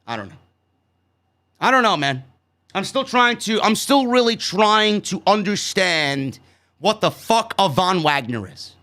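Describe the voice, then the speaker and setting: High, bright-voiced man recapping wrestling. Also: very animated, a little slow. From New York. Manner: blunt, profane and sarcastic. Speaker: wrestling show reviewer. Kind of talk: casual recap commentary.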